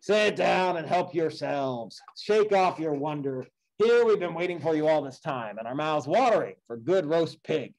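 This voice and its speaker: Odysseus, the long-lost warrior king come home, speaks steady and sure, as a man reads him aloud. His voice sits a little high for a man but sounds mellow and warm. The reading is earnest and measured, like a class read-aloud of an epic poem. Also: close to an everyday voice, low-quality recording. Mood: reassuring.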